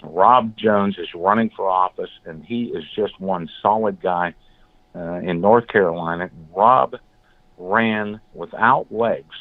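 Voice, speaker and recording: A man guest in an interview, telling blunt, animated stories and acting out what others said. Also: low voice, slow, no echo. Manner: blunt, animated storyteller, acts out quotes. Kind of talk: storytelling in an interview. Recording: phone-like, dry call audio.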